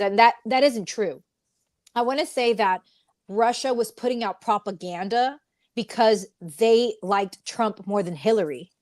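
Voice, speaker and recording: A young woman talks politics in a loose, opinionated chat full of fillers and restarts. Her voice sits at a middle pitch, recorded close and dry with no room sound. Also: no room sound.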